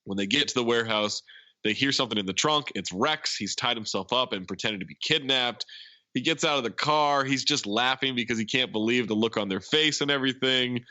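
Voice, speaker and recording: A man's voice: medium pitch, fairly quick, pushed and bright, no echo, dull audio. A man hosting a podcast, casually retelling a movie's plot in a rambling way. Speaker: podcast host.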